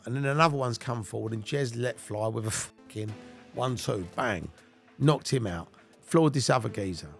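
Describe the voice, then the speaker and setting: A man in his fifties with an English accent spins rough tales of his past in a mid-pitched, everyday voice. He swears freely and keeps laughing at his own stories. His tone stays casual and blunt. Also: fairly bright tone. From England. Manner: blunt and heavily profane, breaking into laughter. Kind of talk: casual anecdotal storytelling.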